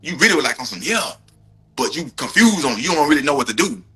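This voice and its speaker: Husky, bright-voiced man retelling heatedly. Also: medium pitch, very animated, racing, faint music behind. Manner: emphatic, profane, repeats for stress. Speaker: brother of a victim giving a court update.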